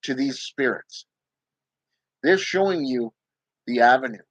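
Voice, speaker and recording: Speaking a bit slowly yet animated, this mid-range male voice belongs to a channel host chatting emphatically with viewers about spirit work on a casual livestream. Habitual "okay?" and "you know" pepper his talk. Audio is rough, without echo.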